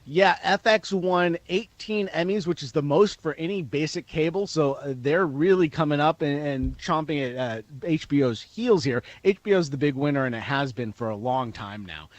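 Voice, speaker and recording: A man's voice: on the high side, moderate pace, hardly any pauses, no echo. A man reporting as an entertainment correspondent in a radio interview, chatty and laughing as he tells anecdotes.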